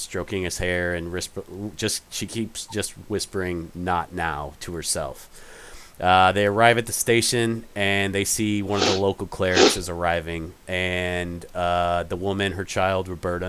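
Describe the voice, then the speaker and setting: A man's voice: deep voice, a bit bright, smooth. A man narrating a tabletop game as game master, rambling with many fillers and restarts.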